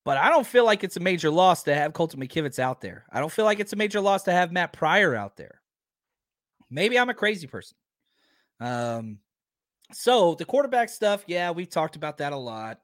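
A man with a slightly raised pitch hosts a casual sports podcast, arguing point after point with emphatic energy. His voice is a touch hoarse from a long day of talking. The sound is dry and close to the mic. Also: normal speed, dry recording. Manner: animated, emphatic, argumentative. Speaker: podcast host.

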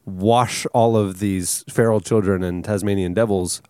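A man's voice: fairly low pitch, fairly even intonation, a little slow, a little mellow, clean tone, no room sound. A man co-hosting a podcast, teasing the others in a dry way during casual studio chat. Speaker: podcast co-host. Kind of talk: casual banter. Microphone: studio mic.

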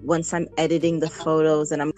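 A woman's voice: low-pitched, level tone, brisk, over music. A woman newborn photographer chatting in an interview, laughing easily and acting out what people say. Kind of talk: casual interview chat.

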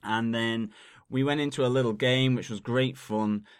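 This co-host has a mid-range, clean-toned voice, speaking at normal speed with a steady tone. He's chatty in the podcast's casual intro, using plenty of ums and laughing easily, and the studio recording has no room sound.

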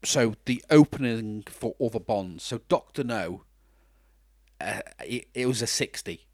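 A man's voice: medium pitch, lively intonation, unhurried, darkish tone, no room sound, clean studio sound. A man co-hosting a casual podcast, chatty and self-mocking, talking with lots of restarts. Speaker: podcast co-host. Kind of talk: casual chat.

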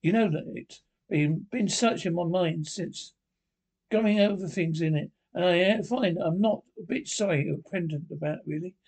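A man's voice: high-pitched, moderate pace, a little mellow, slightly rough. Boastful, sulky toad, voiced by a man. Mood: sulky defiant. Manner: sulky, then gushing. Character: vain, boastful male toad, sulky and stubborn.

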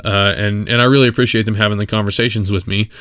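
A man's voice: on the low side, fairly even intonation, fast, a bit bright, dry recording. A man from West Texas, hosting a solo podcast, giving his opinions bluntly with many fillers and restarts. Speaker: podcast host. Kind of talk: casual solo podcast monologue.

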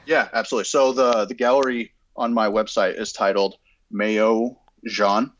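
A man guesting on a podcast, talking in a relaxed way with plenty of hesitations. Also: medium pitch, fairly quick, dull audio. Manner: relaxed, hesitant with many uhs. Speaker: photographer guest. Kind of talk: casual interview chat.

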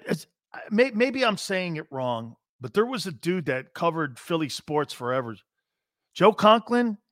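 A middle-aged man hosting a sports talk show, talking loudly and excitably, rambling with many restarts. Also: fairly high pitch, no echo, clean studio sound. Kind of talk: casual radio talk show chat.

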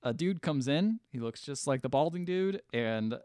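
A man's voice: fairly high pitch, expressive, moderate pace, a little mellow, smooth, no echo, clean studio sound. A man co-hosting a casual movie podcast, retelling scenes loosely with quoted lines. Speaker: podcast co-host. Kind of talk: casual movie review chat.

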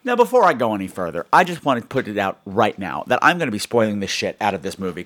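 A man's voice: on the low side, very animated, quick pace, a bit bright. A man giving a sarcastic, rambling comedic recap of a bad movie, acting out the characters' voices as he goes. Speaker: movie reviewer.

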